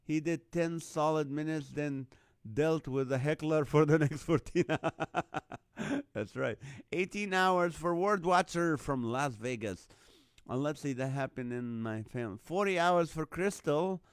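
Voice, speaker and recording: A man's voice: a little high, measured pace, smooth, dry recording, studio quality. A man from the Middle East hosting a casual live online show, reading out viewer comments and guesses with frequent laughter. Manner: jokey, laughs often, chuckling while reading names and numbers.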